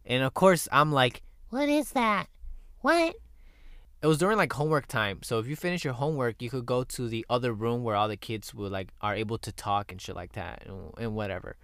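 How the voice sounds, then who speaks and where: A man's voice: medium pitch, fast, hardly any pauses, a bit bright, smooth, dry recording, studio quality. A young man hosting a podcast, telling stories in a candid, profane, casual chat. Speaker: podcast host.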